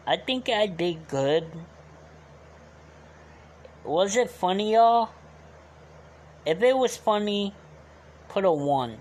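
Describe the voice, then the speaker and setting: A man's voice: high-pitched, expressive, slow pace, pauses often, a little mellow. A man streaming live, chatting casually with viewers and asking them to rate his voice, his throat sore from the bit. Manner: loose and chatty, asks viewers to rate him.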